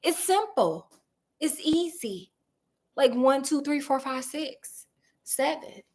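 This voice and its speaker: A woman's voice: high voice, expressive, takes it slowly, darkish tone. A woman voicing a cocky, breezy male detective who talks in offhand slang. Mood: smug.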